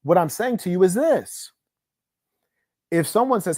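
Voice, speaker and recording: Man, livestream host, scornful and boastful, fairly high voice, dry close sound. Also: big pitch swings, a little slow, a little mellow, no room sound. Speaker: online show host. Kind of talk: combative livestream monologue.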